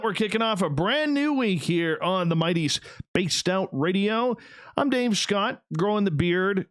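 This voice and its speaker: An upbeat man hosts a live radio broadcast, greeting his chatters with bouncy pitch jumps. His voice is smooth and resonant, set close to a studio mic in a dry room. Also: no room sound. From Canada. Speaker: radio show host.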